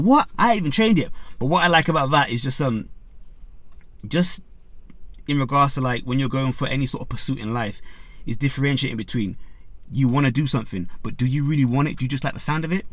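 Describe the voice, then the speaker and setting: A man's voice: mid-range voice, a bit bright, no room sound. Man casually retelling a story, dry sound. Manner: retells a story with many fillers, acts out quotes, addresses viewers. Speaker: boxing channel host.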